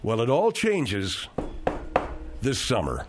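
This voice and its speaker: A man's voice: medium pitch, huge pitch swings, takes it slowly, noisy background. A man hosting a radio talk show, telling rambling, digressive stories with frequent restarts.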